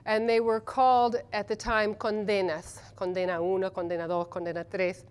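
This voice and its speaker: Woman, literary translator, conference panel talk, enthusiastic, frequent ums, middle pitch. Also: flat delivery, moderate pace, smooth. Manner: chatty, enthusiastic, many ums. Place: conference session room.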